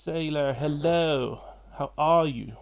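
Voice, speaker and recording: A man's voice: fairly high pitch, slow, gravelly, slight background noise. A middle-aged man hosting a racing-league live stream in casual talk, rambling and self-deprecating with many fillers and restarts.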